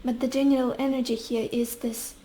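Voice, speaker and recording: A woman giving a tarot reading to camera, talking softly with many pauses and fillers. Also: fairly high pitch, little pitch movement, a little hiss or hum, rough recording. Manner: soft, searching, often pausing with fillers. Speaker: tarot reader.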